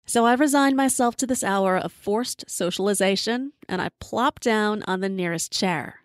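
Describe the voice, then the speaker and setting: Woman spinning a funny story about her night, dry sarcastic delivery, swears a lot, close dry mic, mid pitch. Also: normal speed, no echo. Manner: sarcastic, deadpan, profane. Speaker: podcast host and storyteller. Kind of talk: comedic personal storytelling.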